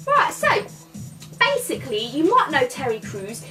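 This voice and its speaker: A woman's voice: sits high, huge pitch swings, unhurried, sharp tone, recorded from a distance, soft background music, exaggerated voice. A woman playing Bobby, a crude cocky lad. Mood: crude rambling. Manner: rambling, crude, keeps tagging "yeah?" and "mate". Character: cocky young male London lad, crude and boastful. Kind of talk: character comedy podcast. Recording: voice a bit off-mic.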